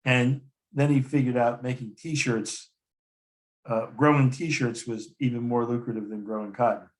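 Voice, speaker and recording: A man's voice: medium pitch, steady tone, a little slow. A rambling male storyteller. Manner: rambling, many restarts and quoted dialogue. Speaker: coffee company founder as guest. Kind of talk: conversational storytelling.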